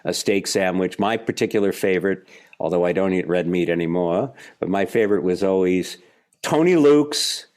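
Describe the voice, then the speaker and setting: A man in his seventies from Philadelphia, a guest actor telling animated stories in an interview. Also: on the low side. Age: 70s. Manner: animated storyteller, acts out the people in his stories. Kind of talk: relaxed interview storytelling.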